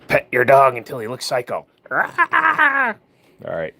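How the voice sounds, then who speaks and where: Male streamer, loose and profane, animated pitch. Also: slow, vocal fry. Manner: swears freely, talks to his dog in a high singsong. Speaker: live streamer. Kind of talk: casual live stream chat.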